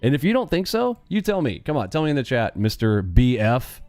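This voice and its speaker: A man runs a day-trading live stream and brashly mocks the people in his chat. His voice is mellow and dry, with faint music behind him. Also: fairly high pitch, sing-song, fast talker, no room sound. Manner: mocking and brash, talks back to chat.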